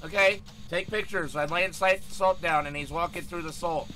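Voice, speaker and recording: A young man streaming a game live, excitable and loud, yelling and swearing at his chat. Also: fairly high pitch, normal speed.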